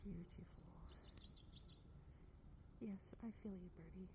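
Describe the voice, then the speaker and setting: A woman's voice: fairly low pitch, fairly even intonation, slow pace, very noisy. A woman narrating a casual hiking vlog in a gushing, enthusiastic way, recorded on a handheld phone on an outdoor forest trail. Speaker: vlogger.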